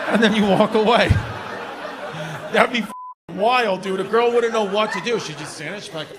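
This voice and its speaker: A man doing crowd work in a stand-up comedy club, loud and laughing, then dropping to a mutter for asides. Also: high voice, moderate pace, long pauses. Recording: live club recording with crowd noise. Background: laughing audience.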